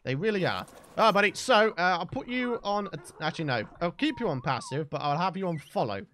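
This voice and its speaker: A young British man giving excited, chatty let's play commentary as the host of a gaming channel. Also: sits high, a little fast, slight background noise. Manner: excitable, chatty, bursts into shouts and laughs.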